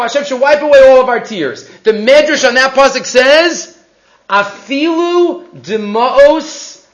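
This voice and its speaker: A man's voice: very high-pitched, fairly bright tone, reverberant, highs cut off. A man giving a weekly Torah class, asking many rhetorical questions as he explains a text. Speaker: Torah teacher.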